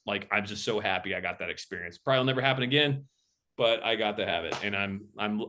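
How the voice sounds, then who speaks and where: A man's voice: fairly low pitch, fairly bright tone. A man, a film director and camera operator, tells stories as a guest in a casual interview and acts out the voices of people he quotes.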